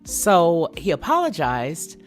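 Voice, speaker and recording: Low-voiced woman chatting with viewers. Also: wildly swooping pitch, slow, faint music behind. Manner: chatty, thinking aloud, addresses viewers directly. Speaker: channel host. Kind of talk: casual live chat with viewers.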